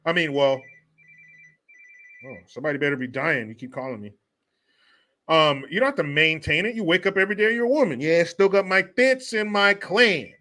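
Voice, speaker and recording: A man's voice: on the high side, expressive, normal speed, long pauses, bright, forceful tone. A man hosting a casual livestream, joking and swearing as he reads and answers viewer comments. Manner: profane, joking, reads chat aloud. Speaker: host.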